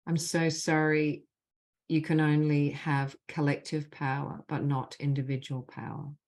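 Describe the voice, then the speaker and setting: A woman leading a spiritual group call over video, slowly and deliberately speaking repeated healing phrases. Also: sits low, level tone, a little mellow. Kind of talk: guided clearing session with spoken healing phrases.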